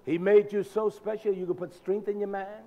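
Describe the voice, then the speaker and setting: A man preaching a sermon, emphatic and addressing his listeners directly, swinging between soft and loud delivery. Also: high voice, flat delivery, normal speed.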